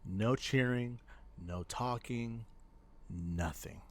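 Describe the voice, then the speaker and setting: A man's voice: medium pitch, extremely slow, no echo. A man co-hosting a podcast, telling stories in casual chat, rambling with frequent laughter and restarts. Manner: rambling storyteller, laughs often, many restarts. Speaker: podcast co-host.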